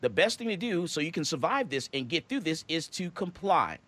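A man's voice: a little high, sing-song, fairly quick, a bit bright, dry recording. A man hosting a radio talk show, lecturing his listeners in an emphatic, preachy monologue.

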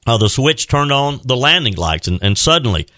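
A male radio talk show host in a studio, telling a story in a halting, earnest way with many restarts. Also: mid-range voice, big pitch swings, sharp tone, dry recording. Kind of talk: heartfelt farewell talk and storytelling. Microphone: close studio microphone.

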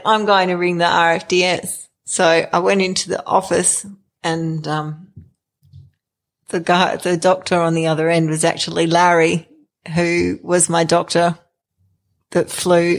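A middle-aged woman telling her own story in an interview, hesitant, with many fillers and restarts. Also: fairly low pitch. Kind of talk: candid personal storytelling.

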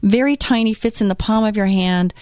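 A woman's voice: mid-range voice, brisk, darkish tone, smooth, dry recording. A woman in her fifties hosting a faith talk show, asking the listener question after question and chatting about her own life. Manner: asks the listener many questions; chatty, tells personal stories. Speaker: radio show host. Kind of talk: casual faith talk monologue.

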